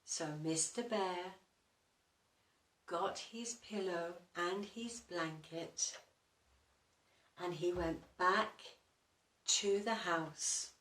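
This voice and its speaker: A woman reads a children's story very slowly and stops to ask her young listeners questions. Her voice rings in a roomy, echoing space. The mic picks her up from some distance. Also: lowish voice, fairly bright tone.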